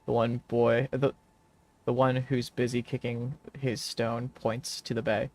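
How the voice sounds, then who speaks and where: A man's voice: medium pitch, little pitch movement, unhurried, a little mellow, no echo. A man co-hosting a podcast, chatting casually, laughing often and reading game text aloud. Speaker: podcast co-host playing a game. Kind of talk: casual let's-play chat.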